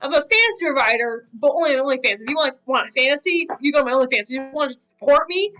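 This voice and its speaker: Woman cosplayer, fast and bright, chatty filler-heavy storyteller, faint music underneath. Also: sits high, animated, low-quality recording. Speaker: cosplayer guest. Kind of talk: casual podcast chat.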